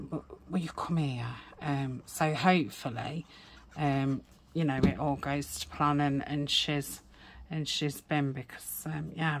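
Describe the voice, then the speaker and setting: A woman chatting casually while crafting, rambling with many fillers and dropping into soft whispered asides. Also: low-pitched, gravelly, husky. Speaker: crafting vlogger.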